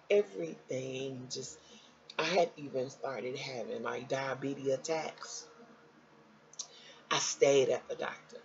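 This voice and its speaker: A woman tells a long personal story to her viewers, her voice gravelly and climbing high whenever she quotes someone. Her speech is loose and conversational, and the lo-fi recording sounds a little dull. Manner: animated, jumps high when quoting others; conversational, addresses viewers as y'all. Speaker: vlogger sharing a personal health story.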